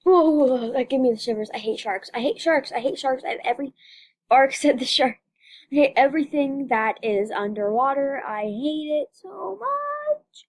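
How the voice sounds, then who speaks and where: Young girl gamer with a high voice, dramatic chatty play-by-play, keeps repeating herself. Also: animated, normal speed, a little mellow. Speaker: gaming channel host. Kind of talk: casual gameplay commentary.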